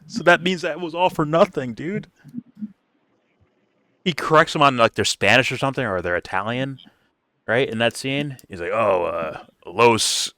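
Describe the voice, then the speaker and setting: This reaction-video host speaks on the low side with a fairly bright tone, and the recording is dry. His commentary is casual and animated, packed with swearing and mocking impressions of others.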